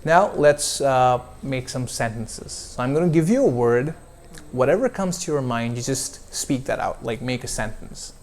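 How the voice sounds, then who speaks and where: A man coaching pronunciation, modeling vowel sounds slowly and deliberately for a learner to repeat. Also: mid-range voice, animated, darkish tone, slight background noise. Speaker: accent coach. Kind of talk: pronunciation lesson.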